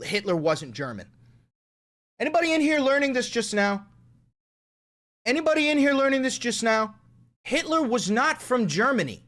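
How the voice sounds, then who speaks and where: An American man doing live stand-up comedy on stage, with brash, crude and excitable rants. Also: high-pitched. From United States.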